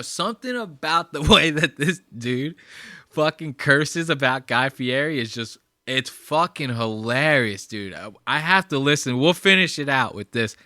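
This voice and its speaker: A man's voice: medium pitch, sharp tone, no echo, clean studio sound. A man hosting a podcast in loose, profane casual chat, rambling and laughing as he signs off. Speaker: podcast host.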